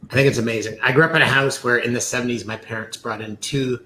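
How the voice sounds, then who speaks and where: A man's voice: mid-range voice, steady tone, fast talker, bright, forceful tone. A middle-aged man hosting a talk show, speaking earnestly and reflectively. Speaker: host. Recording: echoey room, faint ambient noise.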